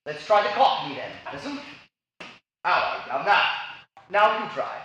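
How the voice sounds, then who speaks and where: A man's voice: high-pitched, very animated, fairly quick, lo-fi sound. A man playing a pompous, condescending English stage actor in a theatrical manner. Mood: haughty. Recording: echoey theater stage with faint noise.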